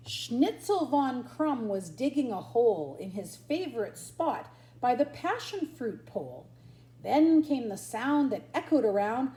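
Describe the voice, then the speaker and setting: An older grandmother reading a picture book aloud to her grandchildren in a lively sing-song manner. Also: fairly high pitch, measured pace. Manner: sing-song, lively storyteller, barks and yips for the dogs. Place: at home. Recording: roomy echo.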